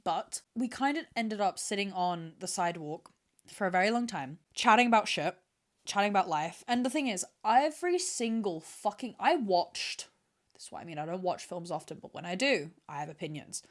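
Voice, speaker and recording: A young woman talks straight into the camera as a podcast host. She spins a rambling, dramatic story full of swearing, and her pitch sits in an ordinary middle range for a woman. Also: expressive, moderate pace. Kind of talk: casual storytelling monologue. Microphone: camera with mic, talking to camera.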